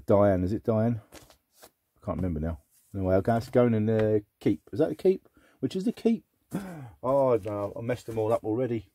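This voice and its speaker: A middle-aged man chatting casually as he sorts through a box of old records, muttering asides and breaking into excited exclamations. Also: on the low side, husky. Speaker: record collector vlogger. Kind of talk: casual unboxing chat.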